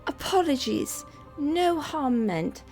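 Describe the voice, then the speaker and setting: A woman's voice: high voice, big pitch swings, slow pace, a little mellow, faint music behind. A woman player role-playing her character in a tabletop game, apologetic, rambling and hesitant.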